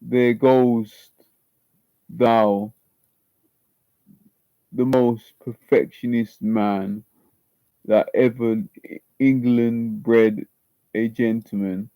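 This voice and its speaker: A man's voice: mid-range voice, steady tone, extremely slow, pauses often, no room sound. A man attempting a Texas accent while performing a monologue as a tormented young man in guilty love, stumbling and repeating words. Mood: anguished. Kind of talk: dramatic audition monologue. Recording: slightly muffled lo-fi recording.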